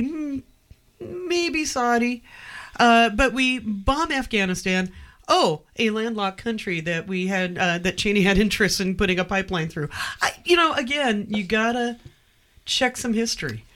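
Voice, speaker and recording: A woman's voice: medium pitch, fairly bright tone. A woman hosting a community call-in radio show, speaking in a chatty, hesitant way. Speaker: radio host.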